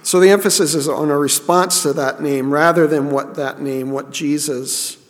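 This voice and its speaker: A man's voice: on the high side, steady tone, moderate pace. Earnest male preacher in a reverberant hall. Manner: earnest, repeats himself and restarts often. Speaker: pastor. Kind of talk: sermon.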